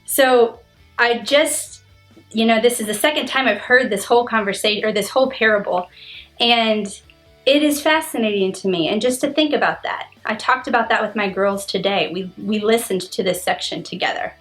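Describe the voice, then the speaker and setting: A woman in her thirties talking earnestly to camera about anger, retelling a story with animated emphasis. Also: a little high, normal speed, faint music behind. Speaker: vlogger. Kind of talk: casual reflective monologue.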